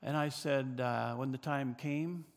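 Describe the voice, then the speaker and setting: An older man from British Columbia, Canada, telling a personal story in a halting way with many fillers and restarts. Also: mid-range voice, steady tone, gravelly, big-room sound.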